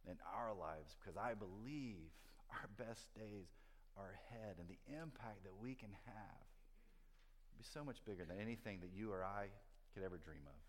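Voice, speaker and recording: A man preaching a sermon to his congregation, telling a story with lively rises and then earnest, hushed appeals. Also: on the low side, moderate pace. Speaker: pastor. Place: church sanctuary. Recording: long hall reverb.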